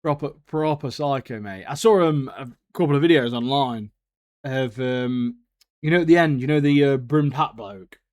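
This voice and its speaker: A man co-hosting a podcast in casual chat, slangy and excitable, laughing often. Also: medium pitch, normal speed. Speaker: podcast co-host.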